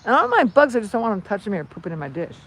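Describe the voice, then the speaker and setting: A woman's voice: medium pitch, huge pitch swings, very fast, a little hiss or hum, poor audio. A woman hosting a casual livestream, chatting in a rambling, self-joking way as she moves around her truck outdoors, filmed on a phone. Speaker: channel host. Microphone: phone camera.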